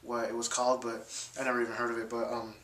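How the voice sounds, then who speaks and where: A man's voice: medium pitch, completely flat delivery, fast, a bit bright, echoey room. A young man telling a story casually to his viewers, full of fillers and restarts, acting out quotes in a raised voice. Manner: rambling, many fillers and restarts. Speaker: vlogger.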